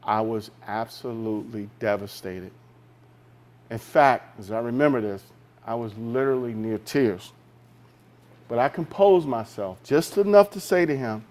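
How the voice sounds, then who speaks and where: A man giving a keynote speech on a theater stage, telling a personal business story with dramatic pauses and direct questions to the audience. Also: medium pitch, darkish tone. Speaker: executive keynote speaker.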